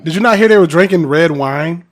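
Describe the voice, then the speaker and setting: A man co-hosting a podcast in casual chat, cutting in with quick jokes. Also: fairly high pitch. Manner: quick joking interjections. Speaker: podcast co-host.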